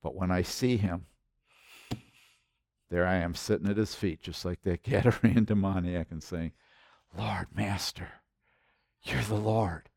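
A man preaching a sermon with passion, repeating words and swinging from loud to hushed. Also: low voice, unhurried, creaky, long pauses, dry recording, studio quality. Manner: impassioned, repetitive, swinging between loud and hushed. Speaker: pastor.

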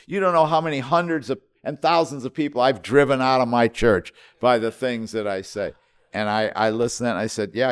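A man preaches with emphatic force, drawing out key words and then dropping suddenly to a hush. He restarts and repeats phrases as he builds each point. His pitch sits in an ordinary middle range for a man. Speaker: pastor. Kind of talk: sermon.

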